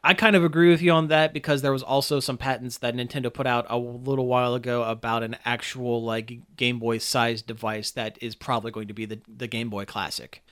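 A man's voice: mid-range voice, fairly even intonation, a little fast, hardly any pauses, a bit bright, clean tone. A man hosting a casual podcast, chatting about news with lots of fillers and enthusiasm. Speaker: podcast host.

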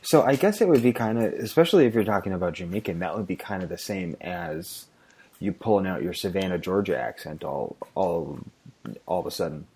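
A man chatting casually on a podcast, giving thoughtful, measured replies. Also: low voice, expressive, a little mellow, slightly rough. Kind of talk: casual chat.

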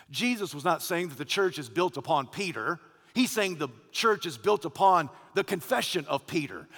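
High, gravelly-voiced man preaching in a hall. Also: sing-song, moderate pace. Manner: preaching with swings between loud declarations and hushed quotes. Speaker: pastor. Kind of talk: sermon. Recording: long hall reverb.

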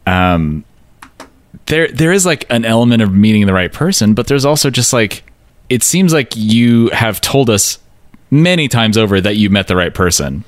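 A man with a fairly low voice talks through song lyrics in a relaxed podcast chat, dry and wry, with fillers and small laughs. The sound is close and dead, with no room around it. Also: moderate pace, no echo. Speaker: podcast co-host.

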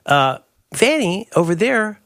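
A man's voice: high voice, big pitch swings, slow, fairly bright tone, no echo, studio quality. A middle-aged man riffing playfully as a podcast co-host in casual chat.

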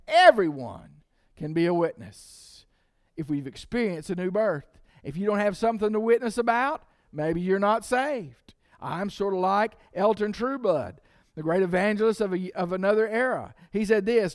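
A man's voice: sits high, no echo, studio quality. A man preaching a sermon as pastor, emphatic and repeating key lines for the congregation to say with him.

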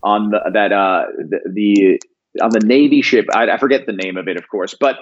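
A man chatting casually as an interview guest, talking in a halting way with many restarts and easy laughter. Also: fairly low pitch, lo-fi sound. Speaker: guest, prank video creator.

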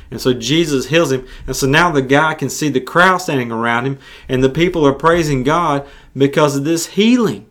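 A man's voice: mid-range voice, normal speed, hardly any pauses, a bit bright. An earnest male preacher delivering a sermon on his own podcast. His voice sits in a middle register, and he often restarts and repeats phrases as he works toward a point. The delivery is conversational rather than polished. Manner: earnest, repetitive, with frequent restarts.

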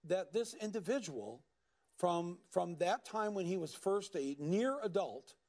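A man speaking earnestly as a guest in a televised interview, halting and repeating words as he goes. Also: high-pitched, lively intonation, a little mellow.

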